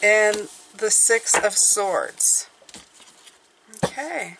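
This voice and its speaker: A woman's voice: medium pitch, lively intonation, extremely slow, vocal fry, noisy background. Chatty woman reading tarot cards. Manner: chatty, encouraging, thinks aloud while drawing cards. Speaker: numerology and tarot reader. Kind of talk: casual tarot reading to camera.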